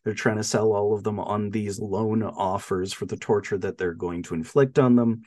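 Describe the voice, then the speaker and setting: A man's voice: on the low side, fairly even intonation, moderate pace, dark tone. A man co-hosting a podcast, recapping a movie in casual chat, telling it with animation, laughing often and using lots of fillers. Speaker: podcast co-host.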